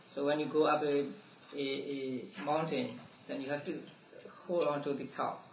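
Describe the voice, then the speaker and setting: Male Buddhist teacher, fairly high voice, halting study-class delivery, distant mic in an echoey room. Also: flat delivery. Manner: halting, with many restarts and soft laughs. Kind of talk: explaining a text to a study class. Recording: roomy, distant mic, faint room noise.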